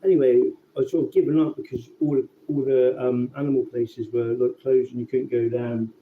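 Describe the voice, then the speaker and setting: A man telling a rambling, sweary story in a casual, relaxed way. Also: medium pitch, brisk. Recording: tinny phone-like sound with faint background noise.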